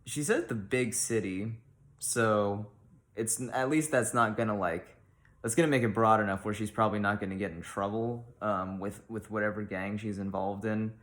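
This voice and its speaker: Deep-voiced deadpan man hosting an advice show. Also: normal speed. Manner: rambling and awkward, lots of ums and likes. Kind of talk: deadpan comedic monologue.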